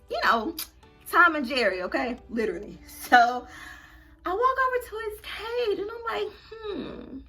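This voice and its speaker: A young adult woman vlogger telling a story to her viewers in a casual, animated and dramatic way. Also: on the high side.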